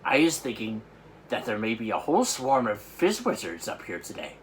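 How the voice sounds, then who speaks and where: A man performs a gigantic old friendly giant from a storybook, excitable and loud. His pitch swings widely as he blurts out jumbled grammar and made-up words. A faint hiss sits under the voice. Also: normal speed, natural voice. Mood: hushed.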